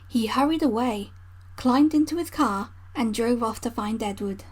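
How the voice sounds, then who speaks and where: A woman narrating a children's storybook in a gentle read-aloud manner. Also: fairly high pitch, normal speed, slightly rough. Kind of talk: storybook reading.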